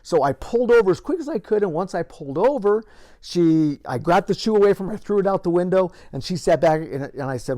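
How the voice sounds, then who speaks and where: An older man, a retired police officer, tells a story from his career to the camera and builds lively moments into it. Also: high voice, fairly quick.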